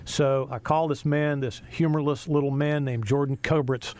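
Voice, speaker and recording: A middle-aged American sports broadcaster tells a story in an interview, speaking at a moderate pace in a fairly high male voice. He's an animated storyteller who acts out the people he quotes.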